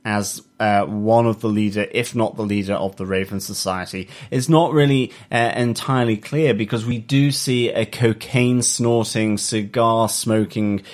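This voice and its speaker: A man co-hosting a podcast, chatting casually about a TV episode and pausing often with ums and uhs. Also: on the low side. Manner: hesitant, many ums and uhs. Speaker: podcast co-host. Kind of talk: casual chat reviewing a TV episode.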